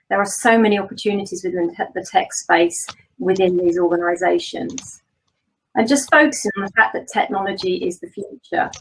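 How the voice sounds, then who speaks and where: A woman wraps up her talk on a video call. Her voice is mid-pitched, and her manner is earnest and encouraging. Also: creaky, low-quality recording. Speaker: panel speaker. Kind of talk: closing a presentation.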